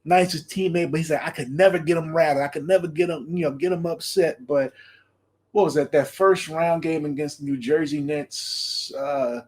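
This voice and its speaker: A man hosting a podcast, chatting casually in an animated way, laughing often and repeating his phrases. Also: on the high side, normal speed. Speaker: podcast host. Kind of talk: casual solo commentary.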